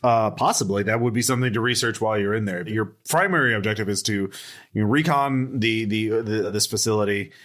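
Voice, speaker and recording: Man, game master, low voice, rambling, filler-heavy, casual. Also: fairly quick, fairly bright tone. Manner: loose, rambling, full of fillers. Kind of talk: casual tabletop game narration.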